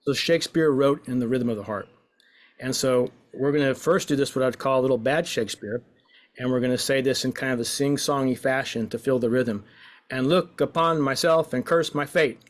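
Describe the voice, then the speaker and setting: A man's voice: medium pitch, steady tone, brisk. A man leading a voice and poetry exercise, encouraging and playful, stretching out lines as he recites. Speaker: workshop leader.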